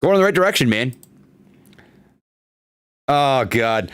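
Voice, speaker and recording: A man hosting a casual stock market livestream, chatting with viewers and reading their comments, animated, with plenty of fillers and repeats. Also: mid-range voice, moderate pace, pauses often, clean tone, dry recording. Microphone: desktop studio microphone.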